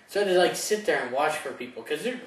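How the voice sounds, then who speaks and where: A young man with a slightly high, expressive voice co-hosts a casual chat, talking fast, joking, swearing and laughing often. The room is echoey, the mic distant, and there's faint noise.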